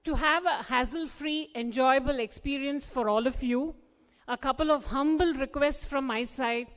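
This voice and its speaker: A woman's voice: sits high, normal speed, a bit bright. A woman, politely anchoring a formal stage event as master of ceremonies. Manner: polite, poised and welcoming. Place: large auditorium. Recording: long reverb of a live auditorium.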